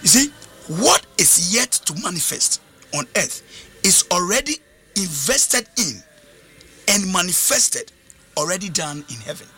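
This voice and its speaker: A man's voice: high voice, sing-song, unhurried, sharp tone, husky. A man preaching a sermon, emphatic, repeating his key phrases.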